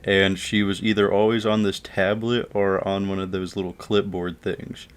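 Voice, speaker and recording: A man's voice: low voice, flat delivery, moderate pace, smooth. A man casually telling a funny story from his school days, loose and profane, laughing along. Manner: loose and profane, chuckling through the tale.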